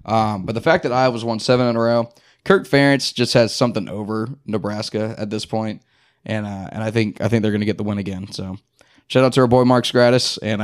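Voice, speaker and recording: A man's voice: fairly low pitch, no room sound. Guy chatting football picks, rambly, dry close sound. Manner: rambling, filler-heavy, joking. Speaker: podcast co-host. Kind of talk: casual sports chat.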